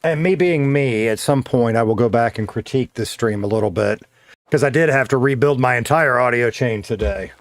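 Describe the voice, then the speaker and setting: A man's voice: medium pitch, a little fast, dry recording. A man streaming a game, rambling casually, thinking aloud and chatting with his viewers through a streaming mic. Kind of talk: casual live-stream chatter while gaming. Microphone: streaming mic with noise gate.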